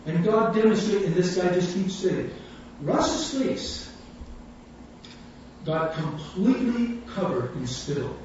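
A man's voice: high-pitched, expressive, slow pace, darkish tone. A man preaching a sermon, telling a story with animation and acting out the voices of the people in it. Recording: echoey hall, distant mic, dull sound, faint room hum.

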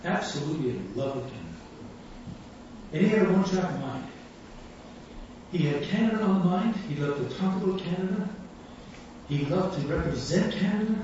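A man preaching a sermon, telling stories with animated quotes and frequent laughter. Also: high-pitched, a little fast, a little hiss or hum. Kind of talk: sermon with storytelling. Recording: echoey distant hall sound, dull.

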